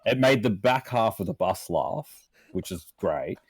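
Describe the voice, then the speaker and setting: A man's voice: lowish voice, a little slow, background noise. An Australian man chatting casually as a podcast guest, swearing constantly and rambling through his stories. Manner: profane, rambling, acts out quotes in animated voices. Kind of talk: casual chat.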